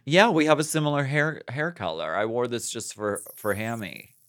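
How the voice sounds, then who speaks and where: A man co-hosting a podcast in casual chat, bantering and animated, loud one moment and muttering the next. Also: medium pitch, moderate pace, dry recording, clean studio sound. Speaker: podcast co-host. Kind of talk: casual chat, reading listener emails.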